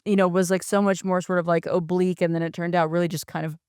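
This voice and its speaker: A woman's voice: fairly low pitch, little pitch movement, fast, a little mellow, clean tone, dry recording, studio quality. A woman co-hosting a podcast in casual chat, thinking aloud with lots of "like"s. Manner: chatty, thinks aloud with many "like"s. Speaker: podcast co-host.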